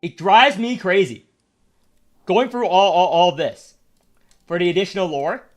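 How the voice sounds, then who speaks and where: A young man with a notably high voice streams a game and rants about it. He talks bluntly and swears a lot, and he repeats himself as he complains. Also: unhurried, faint music behind. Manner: blunt, profane, repetitive ranting. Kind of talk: casual stream commentary.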